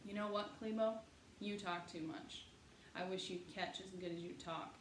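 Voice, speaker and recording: A woman's voice: medium pitch, steady tone, moderate pace, natural voice. A woman voicing a guarded, stubborn boy who talks in a curt, noncommittal way. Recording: echoey room, faint hiss.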